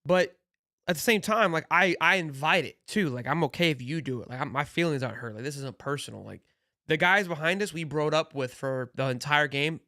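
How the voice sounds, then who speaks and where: A man hosting a casual sports show, telling stories in a rambling, excitable way with frequent laughs. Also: fairly high pitch, no room sound, clean studio sound.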